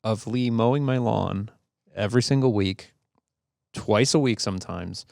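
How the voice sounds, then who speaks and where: A man with a low, gravelly voice tells a personal story on a podcast, easygoing and halting, full of fillers and restarts. The sound is dry and close. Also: darkish tone, dry recording. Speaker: podcast co-host. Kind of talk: casual conversational storytelling.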